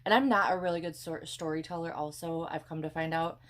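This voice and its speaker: A young woman with a Wisconsin accent talks in a low, relaxed voice while cooking breakfast. She rambles, apologizes, drops the odd swear, and sounds worn out from pregnancy. A faint hiss and small clicks of kitchen work sit behind her. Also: fairly quick. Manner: rambling, chatty, self-deprecating, swears casually. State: pregnant and tired. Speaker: cooking vlogger. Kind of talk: casual chat while cooking.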